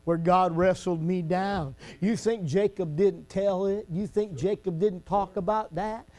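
A pastor who moves between folksy, chatty storytelling and shouted preaching. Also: male voice, sits high, steady tone, unhurried. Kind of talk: sermon.

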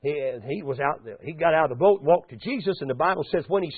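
A man's voice: a little high, lively intonation, fast talker, few pauses, slightly rough, no room sound. A man preaching a sermon in a folksy manner that rises into fervent exhortation, heard over a tinny radio broadcast.

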